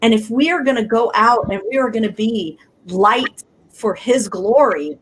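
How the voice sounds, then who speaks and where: A woman speaking as a panelist on a faith talk show, telling stories in an animated way. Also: a little high, a little slow, slight background noise, low-quality recording. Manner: animated storytelling. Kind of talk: casual faith discussion.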